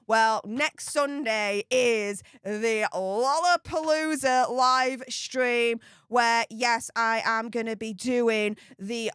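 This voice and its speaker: A woman's voice: on the high side, clear, resonant tone, no room sound, clean studio sound. Chatty woman streamer. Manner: chatty, effusive thanks to viewers, many fillers. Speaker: live stream host. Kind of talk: casual live stream chat.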